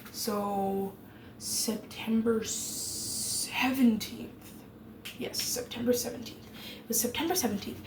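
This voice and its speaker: A woman's voice: on the high side, darkish tone. A teenage girl from Germany, chatting casually and rambling while she bakes, full of fillers and sarcastic asides. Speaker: vlogger. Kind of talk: casual chat while baking. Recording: echoey room with noisy background.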